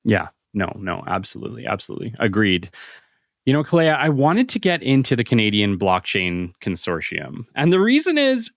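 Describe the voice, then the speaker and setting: A man's voice: fairly low pitch, wildly swooping pitch, normal speed, creaky, no room sound, clean studio sound. A man hosting a business podcast, asking casual, probing questions full of fillers. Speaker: podcast host. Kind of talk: conversational interview.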